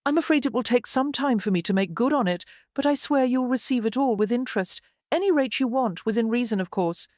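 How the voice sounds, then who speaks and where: A woman's voice: fairly high pitch, animated, a little fast, hardly any pauses, a little mellow, no room sound, clean studio sound, voice pushed up, close to an everyday voice. A woman voicing a proud but frightened young noblewoman in an audiobook, speaking in a nervous, pleading way. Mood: anxious.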